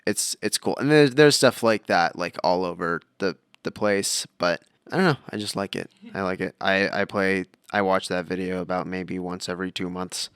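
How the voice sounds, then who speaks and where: Man, lowish voice, bright and crisp, dry close sound, rambling podcast chat. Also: moderate pace, few pauses, no echo. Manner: rambling, tangent-prone storytelling. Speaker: podcast co-host. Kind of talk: casual chat.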